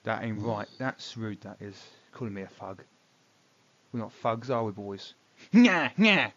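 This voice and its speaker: A man's voice: lowish voice, very animated, a little slow, a bit bright, full character voice. A man voicing a greasy, cocky male thug boss who sneers and bullies, and trips over his words. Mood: mock-offended. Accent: northern city accent of the game world. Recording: dull lo-fi recording.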